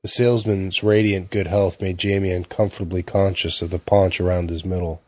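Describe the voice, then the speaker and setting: A man narrates an audiobook in a steady, measured delivery. His voice is low and slightly husky, and the recording is close and dry with no room. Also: no echo.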